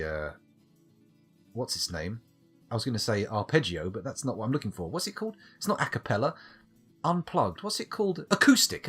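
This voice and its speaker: A man from the United Kingdom streams a game, rambling and joking to himself as casual gameplay commentary. His voice is fairly low-pitched with a breathy edge.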